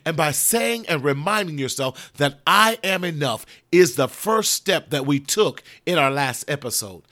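Woman, motivational host, preacherly, emphatic, lively swings, forceful tone. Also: low voice, unhurried. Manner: emphatic, preacherly, leads call-and-response affirmations. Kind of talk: motivational self-help talk.

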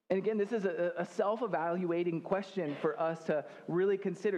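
A man's voice: a little high, animated, brisk, hardly any pauses, a little mellow. A young man preaching a sermon in a church, in a loose and joking way, with many fillers and restarts. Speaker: pastor.

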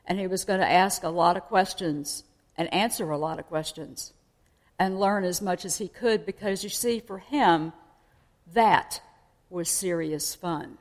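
A woman's voice: on the low side, moderate pace. Woman preaching in an echoing hall. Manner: conversational, explaining and asking listeners questions. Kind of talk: sermon. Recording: long hall reverb.

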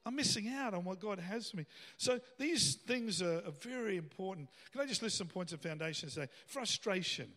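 A man's voice: sits high, expressive, brisk, few pauses, fairly bright tone, big-room sound. A man preaching a sermon as pastor in a church, talking conversationally and rising into emphatic bursts. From Australia.

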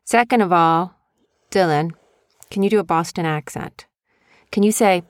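Playful mom hosting a chat. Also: female voice, fairly low pitch, normal speed, no room sound, clean studio sound. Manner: playful, teasing, questioning. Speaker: podcast host. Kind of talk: casual chat with her young son. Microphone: desk USB mic.

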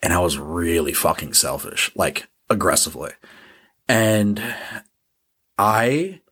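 A man's voice: sits low, animated, slow, a bit bright, breathy edge. A man hosting a podcast, giving a casual motivational monologue in a blunt, profane and self-deprecating way. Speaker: podcast host.

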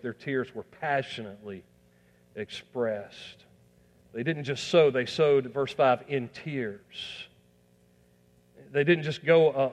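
A man preaching a sermon as pastor, emphatic, with repeated words, and swelling loud on key phrases. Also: medium pitch. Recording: long hall reverb.

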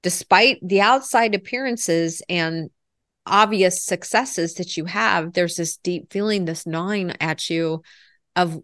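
Woman coach on a podcast, kinda low voice, earnest and reflective, dry close sound. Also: takes it slowly, fairly bright tone, no echo. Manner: earnest, reflective, many "you know" asides. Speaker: lifestyle coach. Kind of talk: podcast interview answers.

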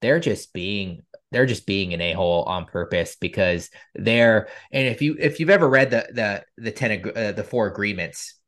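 A man's voice: lowish voice, moderate pace, hardly any pauses, a bit bright. A man hosting a podcast, asking long rambling questions with many hesitations. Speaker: podcast host. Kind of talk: casual podcast interview.

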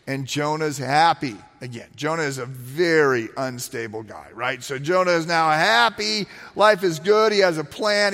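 A man preaching a sermon in a relaxed, conversational way, animating the story with asides to his listeners. His voice sits a bit high for a man. It rings out with the long reverb of a big hall. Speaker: pastor.

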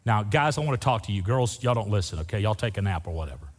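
A man's voice: lowish voice, expressive, fast talker. A man preaching a sermon as pastor, folksy and humorous, saying "y'all" to his congregation. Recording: long hall reverb.

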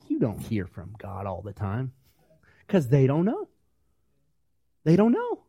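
High-voiced preacher, dry sound. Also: male voice, no echo. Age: young adult or middle-aged, parent of small kids. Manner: animated preaching, acting out quoted voices, asking the congregation questions. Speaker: pastor. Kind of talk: sermon.

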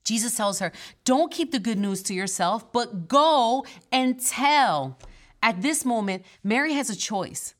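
A woman's voice: medium pitch, expressive, moderate pace, fairly bright tone. A woman pastor preaching in a church with a mid-range voice. She talks to the congregation earnestly and conversationally, and slips playful asides in between the scripture passages. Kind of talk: sermon.

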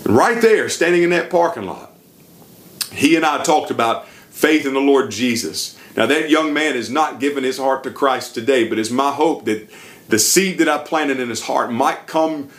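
A middle-aged man preaching, telling a personal story in a lively, emphatic sermon style. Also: mid-range voice, moderate pace.

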